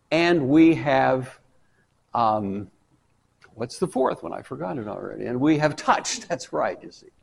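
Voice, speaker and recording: A man teaching a Bible study in a folksy, conversational way, breaking into loud animated bursts for emphasis. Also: medium pitch, gravelly, breathy edge.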